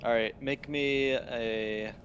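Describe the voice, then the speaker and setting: A man's voice: medium pitch, fairly even intonation, slow pace, fairly bright tone, muffled recording, slight background noise. A young man narrating as game master in a laid-back, matter-of-fact way.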